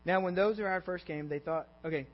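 Preacher guy, pretty high voice, keeps asking the crowd questions, dull echoey church mic with hum. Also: fairly quick. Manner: quizzes the congregation, repeats "okay?" and "all right?". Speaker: pastor. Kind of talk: interactive sermon. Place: church sanctuary.

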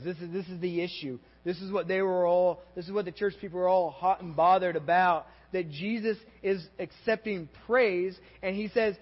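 A man with a Texan accent preaching a sermon to a church congregation, talking in a conversational, animated way, with asides and quick questions to the room. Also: sits high. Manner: conversational and animated, with asides and audience check-ins. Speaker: pastor. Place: church sanctuary. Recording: dull audio with long hall reverb.

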